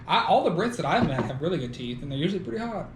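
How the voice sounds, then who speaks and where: A man's voice: fairly high pitch, sing-song, rapid-fire, a crowd in the background. A man hosting a podcast, talking casually and laughing often, with the odd swear word. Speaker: podcast host. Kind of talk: casual chat. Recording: echoey room with faint noise.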